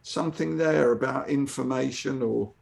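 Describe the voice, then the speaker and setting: A man's voice: mid-range voice, normal speed, vocal fry, darkish tone. An older man, a guest comic artist, chatting casually and reflecting on his own artwork, with frequent restarts. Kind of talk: casual chat.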